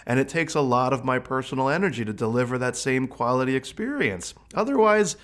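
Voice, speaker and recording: A man, a psychic medium, telling stories in casual chat and acting out his own quoted exchanges. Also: a little fast. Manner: animated, acts out quoted exchanges in a higher voice. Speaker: psychic medium, podcast host. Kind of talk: casual storytelling monologue.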